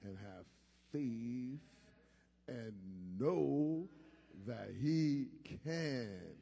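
A male preacher giving a call-and-response sermon that swings from quiet to shouting. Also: mid-range voice, expressive, extremely slow, gravelly, in a large hall.

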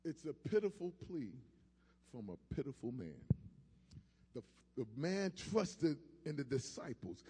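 A male preacher giving a call-and-response sermon that swings from quiet to shouting. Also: a little high, husky, in a large hall.

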